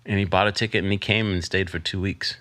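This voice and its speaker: A middle-aged man, a podcast guest, telling a personal story in candid conversation and quoting others with lively put-on voices. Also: sits low, quick pace, noisy background. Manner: storytelling, quotes his father in animated voice.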